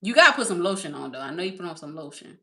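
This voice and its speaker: A woman's voice: on the low side, sing-song, very fast, sharp tone. A woman streaming live, chatting casually and rambling while she reads the chat and talks to her viewers. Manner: rambling, reading chat aloud, laughing often; talks to the audience as y'all.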